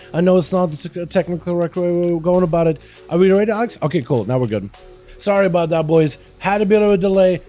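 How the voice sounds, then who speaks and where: A man from Russia streams and chats casually with viewers, then switches to brisk play-by-play commentary on game duels, sometimes stumbling over his words. His voice is on the high side and mellow.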